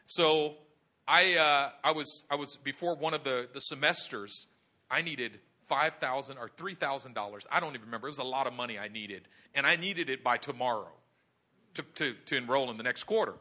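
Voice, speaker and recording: A man preaching a sermon, telling the story dramatically and building to shouts at the high points. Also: fairly quick. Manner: animated, dramatic storytelling with acted voices.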